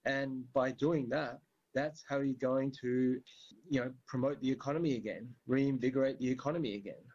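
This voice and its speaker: A man's voice: mid-range voice, a little mellow. Guy rambling about politics, lots of ums, swears now and then, muffled lo-fi sound. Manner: rambling, many fillers, occasional swearing. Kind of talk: casual political talk. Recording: dull lo-fi recording.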